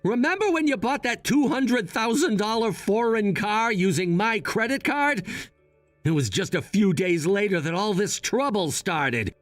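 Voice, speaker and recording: A man voicing a scheming adult son, high-pitched. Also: expressive, a little slow, dry recording, soft background music. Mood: matter-of-fact. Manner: matter-of-fact, firm. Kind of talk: text-message story drama.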